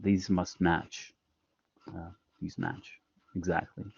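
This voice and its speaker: A man's voice: sits low, flat delivery, slow pace, gravelly, slightly rough, no room sound, dull audio. A man explaining a math lesson in an online class, patient and step by step with frequent fillers. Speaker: math instructor. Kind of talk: online lecture.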